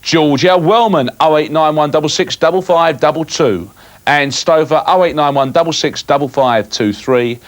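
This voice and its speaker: A man's voice: on the high side, moderate pace. A man presenting a live cable TV phone-in, full of jokey banter and mock bluster.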